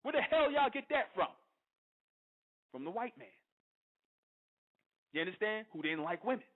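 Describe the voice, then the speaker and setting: Fiery high-voiced man on a phone line. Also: sing-song, moderate pace. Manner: preachy and confrontational, keeps asking "you understand?". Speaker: internet radio host. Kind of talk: fiery monologue. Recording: tinny phone-line audio.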